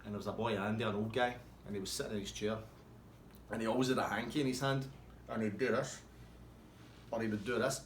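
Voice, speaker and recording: A man telling a rambling, swearing pub anecdote in a casual, animated way. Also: on the low side, fast, long pauses, a little hiss or hum. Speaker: storyteller. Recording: roomy with faint ambience.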